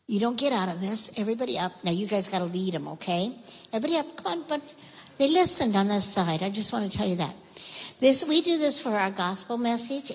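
A woman teaching children, telling a Bible story in a lively, expressive way and talking straight to the kids. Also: medium pitch, creaky, husky. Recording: echoey hall reverb.

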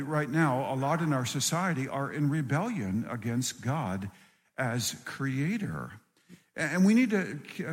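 A middle-aged man preaching a sermon, earnest and repeating phrases for emphasis. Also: on the high side. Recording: long hall reverb.

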